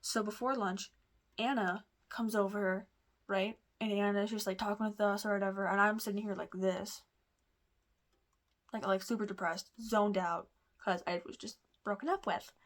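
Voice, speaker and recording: A woman vlogger chats through a personal story at a middle pitch, rambling and confiding. She backtracks, restarts her sentences and fills her pauses with "like" and "um.". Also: steady tone. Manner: rambling, lots of fillers and restarts; chatty, confiding. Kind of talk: casual storytelling.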